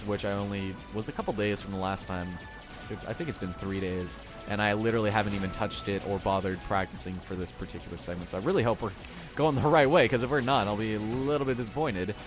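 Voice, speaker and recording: A young man with a lowish voice rambles through casual let's-play commentary, cracking jokes and laughing as he goes. Game music plays clearly behind him. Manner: rambling, chatty, laughs often, jokey. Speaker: gameplay commentator.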